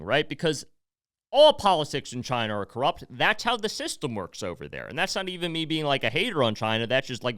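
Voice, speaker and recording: An American man hosting a podcast in a loose, rambling way, full of asides and fillers. His voice is smooth and clear, and his pitch moves a lot. The sound is close and dry, with no room echo. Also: fairly bright tone. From United States. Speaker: podcast host. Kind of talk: casual news commentary.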